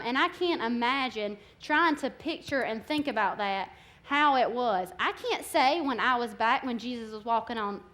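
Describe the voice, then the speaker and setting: A young woman preaching, her voice sitting a little high. She speaks candidly and conversationally, building passion as she urges her listeners. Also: sharp tone. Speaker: guest speaker. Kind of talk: sermon.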